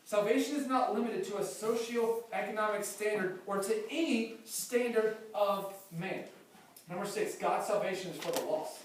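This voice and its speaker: Emphatic male pastor, high voice, preaching from afar in a very echoey church hall. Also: normal speed. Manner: emphatic preaching, repeats key phrases. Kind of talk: sermon. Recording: very echoey hall, mic far off.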